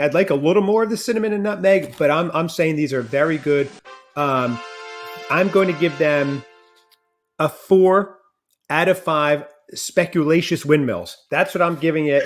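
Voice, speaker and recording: A man hosting a podcast taste test in casual chat, joking and thinking aloud as he tastes. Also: on the high side. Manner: chatty, jokey, thinks aloud while tasting. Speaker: podcast host.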